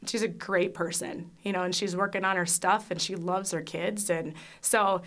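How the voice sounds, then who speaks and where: A woman's voice: on the low side, steady tone, normal speed, fairly bright tone. A woman speaking as a foster parent in a personal faith testimony. She talks openly and with feeling, stumbling through fillers and restarts as she remembers. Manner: candid, emotional, with frequent fillers and restarts.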